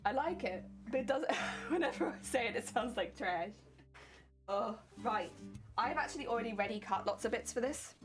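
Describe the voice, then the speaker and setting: A young woman with a British accent chats through a late crafting stream, laughing often and sounding a little sleepy. Her voice sits at a medium pitch. Plucked guitar music plays clearly underneath. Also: animated, moderate pace. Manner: giggly, chatty, thanks viewers by name. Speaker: cosplay streamer. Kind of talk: casual live-stream chat while crafting. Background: guitar music playing.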